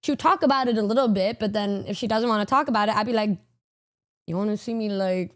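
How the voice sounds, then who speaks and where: A woman's voice: a little high, rapid-fire. A young woman streamer hosting casual chat. She is playful and chatty, and often breaks into laughter. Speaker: streamer host.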